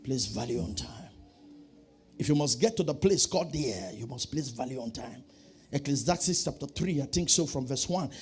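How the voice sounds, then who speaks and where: A man preaching a sermon, calling out to the congregation and swinging from quiet asides to shouting. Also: medium pitch, lively intonation, normal speed, slight background noise. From Nigeria. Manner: preaching with call-and-response, swinging from soft to shouting. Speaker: pastor.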